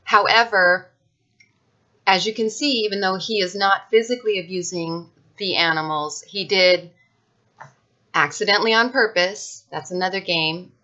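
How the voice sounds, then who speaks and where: A woman's voice: on the low side, steady tone, moderate pace, pushed and bright, muffled recording. A woman speaking frankly and emphatically about her own experience in a casual talk to camera, with many fillers and restarts. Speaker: vlogger sharing personal experience.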